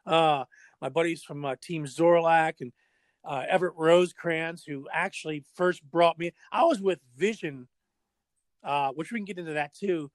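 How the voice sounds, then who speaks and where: Middle-aged man, casual storyteller, lively acted-out voices, fairly high pitch, dry recording. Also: normal speed, no room sound. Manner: animated storyteller, acts out voices and sound effects. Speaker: guest, drummer and former pro skateboarder.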